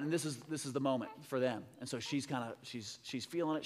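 A man preaching a sermon, telling a story in an excitable, rambling way with many restarts. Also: medium pitch, fast, hardly any pauses. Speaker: pastor. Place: church sanctuary. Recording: long church hall reverb.

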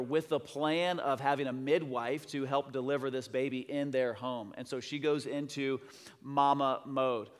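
Excitable pastor in a reverberant church. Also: male voice, mid-range voice, normal speed. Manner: excitable, rambling with restarts. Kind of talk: sermon storytelling. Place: church sanctuary. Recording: long church hall reverb.

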